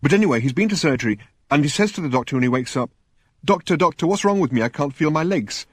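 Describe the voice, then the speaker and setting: A nervous young nurse, acted by a male narrator, fumbling and stammering through her words. The voice is raised and a little husky. It sits close and dry. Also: a little high, animated, fast, dry recording, voice pushed up. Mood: rambling. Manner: stammering, hesitant.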